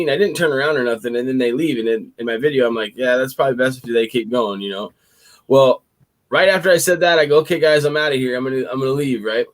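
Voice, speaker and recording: A man telling a wild story in casual chat, animated and profane, getting excited as he tells it. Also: mid-range voice.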